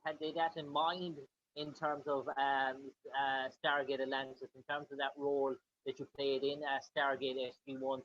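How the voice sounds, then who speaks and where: A man's voice: on the high side, a bit bright. A man interviewing a guest, asking long rambling questions full of fillers. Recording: dull lo-fi with faint noise.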